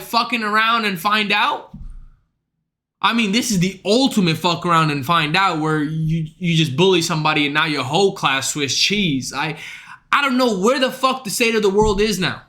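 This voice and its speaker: A man's voice: high-pitched, bright, forceful tone. A man streaming live and ranting to his chat in a casual, profane and exasperated way.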